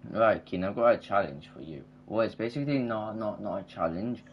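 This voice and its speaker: A man's voice: lowish voice, fairly quick, highs cut off, a little hiss or hum. A man chatting casually while playing a football video game, rambling and trailing off mid-sentence. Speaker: gamer. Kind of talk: casual gaming chat.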